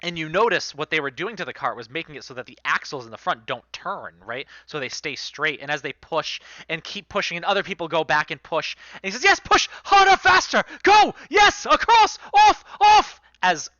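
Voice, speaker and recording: A man narrating a tabletop game as game master, animated and lively. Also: a little high, brisk, hardly any pauses, dry recording, muffled recording.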